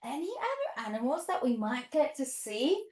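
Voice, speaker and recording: A woman's voice: high voice, big pitch swings, normal speed, darkish tone. A woman leading a toddler yoga class in a sing-song, encouraging way, with playful animal sounds. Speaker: children's yoga teacher. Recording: echoey room.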